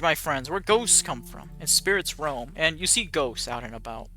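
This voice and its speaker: A man narrating as game master, describing scenes slowly and laughing often. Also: fairly high pitch, lively intonation, sharp tone, faint music behind.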